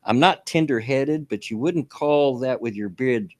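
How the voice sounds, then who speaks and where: A man's voice: medium pitch, measured pace. An older man co-hosting a casual online radio chat, folksy and rambling with many fillers. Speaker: co-host.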